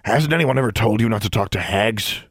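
A man's voice: on the low side, brisk, no echo, studio quality. A man doing a curt, stern station guard. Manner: curt, commanding.

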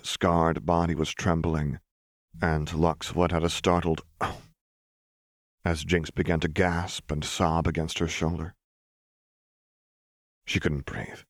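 A man narrating fan fiction with measured, tender storytelling. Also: deep voice, dry recording, studio quality. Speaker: audiobook narrator.

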